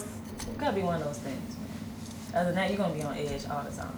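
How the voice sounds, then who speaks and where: A woman's voice: sits low, quick pace. A woman in a casual chat, talking bluntly and profanely and laughing often. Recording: echoey room, mic far off, clear noise.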